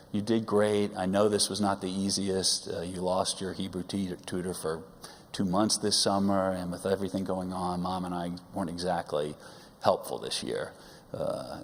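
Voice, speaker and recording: A middle-aged father giving a speech at his son's coming-of-age service in a synagogue, full of wry teasing humor and halting pauses. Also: lowish voice. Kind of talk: personal speech at a religious service. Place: large synagogue sanctuary. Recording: long hall reverb.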